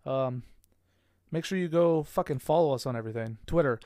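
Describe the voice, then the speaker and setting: Excitable, profane young man telling stories. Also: fairly high pitch, brisk, dry recording, studio quality. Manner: profane, animated storyteller, laughs often. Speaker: podcast co-host. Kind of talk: casual chat.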